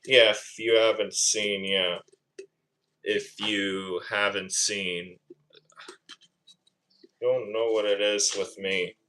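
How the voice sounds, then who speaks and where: A man's voice: on the low side, little pitch movement, takes it slowly, long pauses, noisy background. A man chatting casually on a phone livestream from his home kitchen, rambling and repeating his phrases as he makes coffee. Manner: rambling, repeats phrases, self-conscious asides. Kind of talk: casual livestream chat while cooking. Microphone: phone camera.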